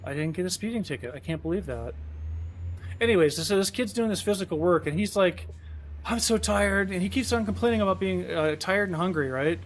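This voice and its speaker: A man with a fairly high voice talks casually through a live game stream. He rambles, restarts and mutters at himself as he plays. Faint engine sounds hum underneath. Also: animated, fast talker. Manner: rambling, self-chiding, chatty.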